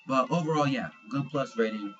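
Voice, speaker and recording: A man giving a casual review of a manga chapter, excitable and slangy, swearing freely and restarting his sentences. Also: mid-range voice, normal speed, highs cut off, faint music behind.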